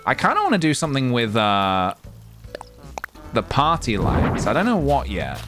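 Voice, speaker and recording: A man's voice: medium pitch, wildly swooping pitch, moderate pace, a bit bright, soft background music. A man chatting casually with viewers while streaming a game, meandering, laughing often and humming little tunes to himself. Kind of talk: casual gameplay livestream chat.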